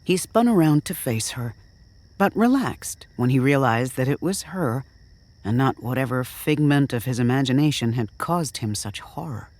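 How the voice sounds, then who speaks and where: A woman narrating an audio drama in a measured, even storytelling manner. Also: extremely low pitch, no echo.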